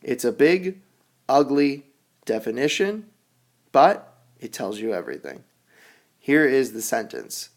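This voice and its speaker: A man teaching English vocabulary, leading a call-and-repeat drill with slow, exaggerated enunciation. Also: mid-range voice. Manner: animated, sing-song teacher delivery. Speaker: ESL teacher.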